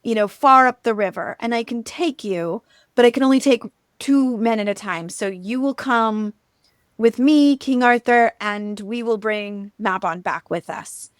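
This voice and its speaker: A woman's voice: fairly high pitch, measured pace, dry recording, clean studio sound, lightly acted. A woman voicing an ancient, wise talking salmon that speaks in a matter-of-fact, knowing way.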